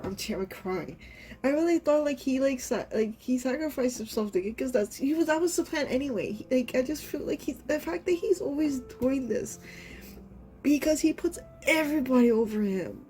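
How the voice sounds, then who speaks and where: A woman's voice: sits high, mellow. A woman streamer reacting to a game, reading its lines aloud and gushing, often exclaiming and trailing off mid-sentence.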